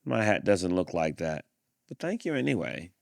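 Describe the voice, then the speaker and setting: Man reading as a low, mopey storybook bear, politely asking around, gravelly. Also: big pitch swings, dry recording, studio quality, exaggerated voice. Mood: polite, glum. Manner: slow, mournful, polite. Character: gloomy bear searching for lost hat.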